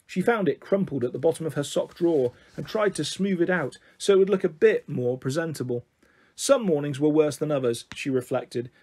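A man reading a children's story aloud as a storyteller, in a calm, measured way. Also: on the high side, husky.

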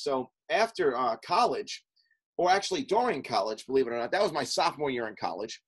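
A middle-aged man, a podcast guest and coach, telling stories from his past in a casual interview, with many fillers and quick lists. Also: a little high, lively intonation, low-quality recording.

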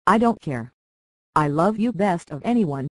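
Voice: mid-range voice, expressive, measured pace, fairly bright tone, no room sound. A reader voicing a petulant boy lord. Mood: pleading. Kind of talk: audiobook character reading.

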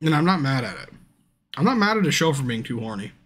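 A man's voice: mid-range voice, sing-song, quick pace, breathy edge. Drunk, foul-mouthed male streamer. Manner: profane, swears constantly; bursts into yelling at the screen. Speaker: game streamer. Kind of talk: casual livestream commentary. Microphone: streaming mic.

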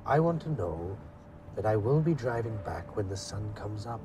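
A calm, practical working-class man with a Welsh accent, as an actor plays him, speaking in a low, measured voice. He sounds steady and controlled even under pressure. A constant car engine hum runs underneath. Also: lightly acted. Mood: pleading. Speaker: driver on the phone. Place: inside a moving car.

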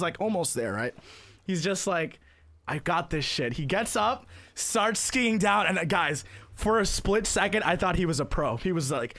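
High-voiced man rambling through a funny story. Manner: rambling, full of "like" fillers and swearing; grows loud and excited at the peaks of the story. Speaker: gaming streamer telling a story. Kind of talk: casual comedic storytelling.

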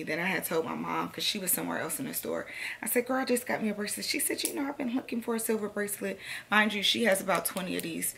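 A young woman, chatting to camera in a sassy, animated storytelling way. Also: fairly low pitch, creaky, slight background noise. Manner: animated, sassy storytelling, addresses viewers as sis and girl. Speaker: vlogger. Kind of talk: casual chat to camera.

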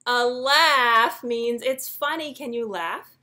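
Slow, sing-song children's librarian woman. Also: on the high side. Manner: gentle, sing-song, inviting kids to join in. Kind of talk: reading a picture book aloud to young children.

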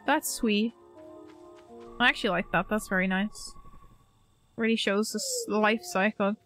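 A woman streaming a game, chatting gently and playfully to the characters on screen. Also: medium pitch, expressive, a little slow, long pauses. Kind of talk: casual gameplay commentary. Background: faint game music.

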